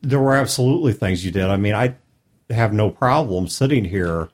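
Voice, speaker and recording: Low-ish voiced podcast guy, thinking out loud about story stuff. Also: normal speed. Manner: thoughtful, explanatory. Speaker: podcast co-host. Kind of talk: casual podcast chat.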